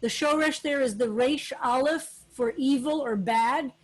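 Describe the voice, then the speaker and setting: A woman rabbi leading a text study, explaining words slowly with many pauses and fillers. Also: sits high, low-quality recording. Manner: slow, explanatory, with frequent fillers. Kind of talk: relaxed Hebrew text lesson.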